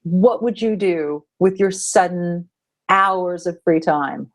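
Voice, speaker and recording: A woman co-hosting a podcast in upbeat casual chat, quick to laugh. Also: on the low side. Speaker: podcast co-host.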